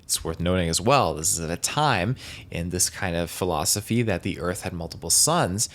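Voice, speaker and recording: Deep-voiced man hosting a casual podcast. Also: animated, normal speed. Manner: rambling, with restarts and hedging words. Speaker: podcast host. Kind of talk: casual solo podcast talk.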